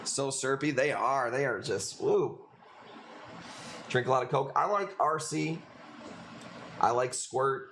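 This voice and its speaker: A man with a Chicago accent hosts a live stream selling coral, chatting loosely and rambling with plenty of swearing. His mid-range, fairly bright voice is unhurried and pauses often, with a little hiss or hum in the recording.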